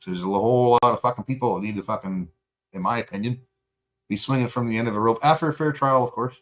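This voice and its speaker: A man's voice: mid-range voice, quick pace, a bit bright. A Canadian man talking casually and heatedly on a livestream, rambling with lots of swearing and fillers while answering chat. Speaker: livestream host.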